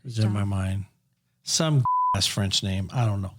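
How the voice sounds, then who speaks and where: A man's voice: on the low side, a little slow, noisy background. A middle-aged man, a father on a family podcast, telling rambling stories casually with plenty of swearing. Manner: profane, rambling, animated storyteller. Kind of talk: casual storytelling.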